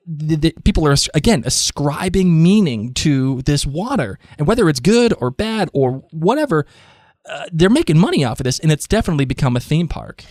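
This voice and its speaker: A man's voice: on the high side, sing-song, moderate pace, darkish tone, no echo, clean studio sound. A man co-hosting a podcast about a TV show, chatting casually, laughing often and reading listener comments aloud. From Rhode Island. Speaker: podcast co-host. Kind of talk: casual chat.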